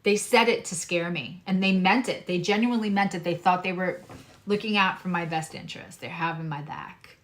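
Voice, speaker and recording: A woman's voice: on the low side, normal speed, fairly bright tone. A woman astrologer giving a casual, earnest tarot reading, speaking straight to her viewers in a reassuring way.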